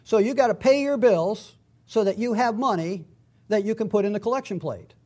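A man preaching a conversational, verse-by-verse Bible teaching, reading scripture slowly and with emphasis. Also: high voice, warm tone. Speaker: pastor.

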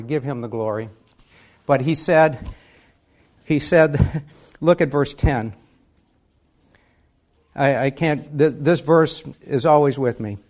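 A man's voice: on the high side, darkish tone. A man preaching a sermon, reading scripture aloud and putting questions to his listeners. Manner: reads scripture aloud in King James wording, then asks the listeners questions.

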